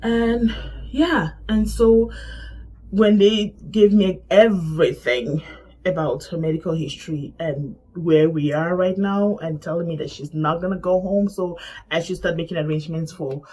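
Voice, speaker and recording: A woman's voice: fairly low pitch, measured pace. A woman telling an emotional personal story and acting out the conversations she remembers. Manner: animated, acts out past conversations. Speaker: vlogger sharing a personal loss. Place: Canada.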